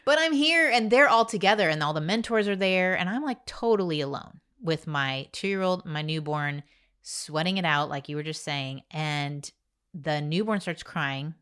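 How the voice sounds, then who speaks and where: A woman with a fairly low voice hosts a relaxed conversation. She tells a personal story with lively energy, slipping into quick impressions of the people in it. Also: smooth. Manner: lively storyteller who acts out quoted voices. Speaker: podcast host; mother of boys. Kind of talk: casual chat, storytelling.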